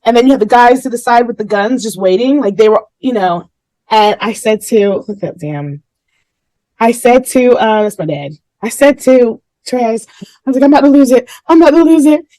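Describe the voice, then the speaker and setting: A woman's voice: a little high, moderate pace, a little mellow, no echo, low-quality recording. A woman hosting a casual podcast conversation, candidly and emotionally telling a personal story. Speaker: podcast host.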